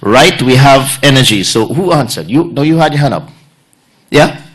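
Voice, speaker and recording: Surgeon telling a joke to a conference. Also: male voice, medium pitch, lively intonation, moderate pace, fairly bright tone, slightly rough. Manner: anecdotal, conversational, quizzes the audience. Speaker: orthopedic surgeon giving a conference talk. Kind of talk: conference presentation.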